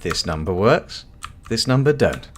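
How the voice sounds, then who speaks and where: A man's voice: fairly low pitch, sing-song, unhurried, slight background noise. A man hosting a live text adventure stream, swearing and laughing often as he talks. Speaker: streamer host. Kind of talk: live game-play commentary.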